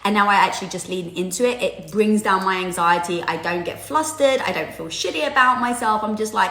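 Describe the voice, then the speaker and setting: Woman, live-stream host, mid-pitched, candid and animated, casual motivational talk, echoey room. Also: brisk. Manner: candid, animated, frequent fillers, swears casually. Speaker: host of a live social media video. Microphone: headset or phone mic.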